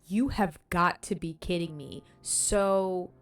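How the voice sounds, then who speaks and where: A woman streamer reading a visual novel aloud and breaking off into animated, slangy, swearing reactions to her chat. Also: on the low side, takes it slowly, soft background music.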